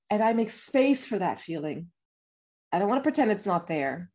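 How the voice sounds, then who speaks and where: Emotional woman, soft halting voice, medium pitch. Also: big pitch swings. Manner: quiet, halting. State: emotional, voice softening.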